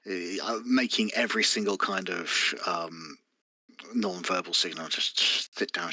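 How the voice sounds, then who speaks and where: A man's voice: low voice, unhurried, sharp tone, husky, dry recording, rough recording. A man playing his character in a tabletop game with crude, sardonic banter. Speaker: player.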